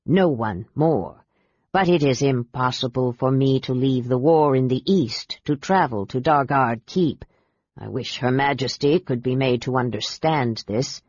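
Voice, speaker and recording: A reader voicing a hot-tempered male warlord who speaks carefully and low. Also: measured pace, a little mellow, no echo, dull audio, lightly acted. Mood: cautious.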